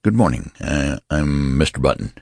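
Male reader doing a panicky gentleman father in a storybook reading, hoarse and very deep. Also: lively intonation, normal speed, dry recording, studio quality, exaggerated voice. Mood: frantic. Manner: frantic, hoarse outbursts. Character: frantic, terrified new father, man.

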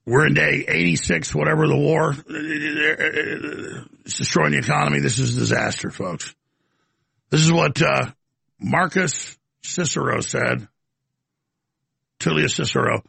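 Gravelly-voiced male talk show host. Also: on the high side, measured pace, bright, forceful tone, no room sound. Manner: blunt, skeptical, talks over callers. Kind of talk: call-in radio talk.

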